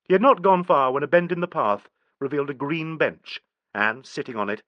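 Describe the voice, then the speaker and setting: A man narrating an audiobook in a steady, even storytelling manner. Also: a little high, brisk, no echo, highs cut off. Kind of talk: scripted narration.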